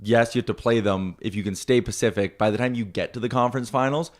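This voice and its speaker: A man co-hosting a sports talk show, chatting casually about hockey and telling animated stories. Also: medium pitch, quick pace. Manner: chatty, animated storytelling with frequent "like". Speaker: sports radio co-host.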